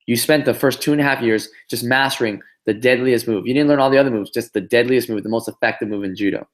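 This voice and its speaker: A man voicing a calm, wise old judo master in a story, speaking tersely and softly. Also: mid-range voice, fast, close to an everyday voice.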